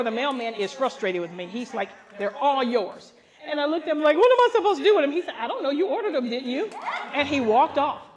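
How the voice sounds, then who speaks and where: At a live women's gathering, an older woman pastor with a high voice tells a comic story. She is animated and laughing as she acts out the voices of the story's characters.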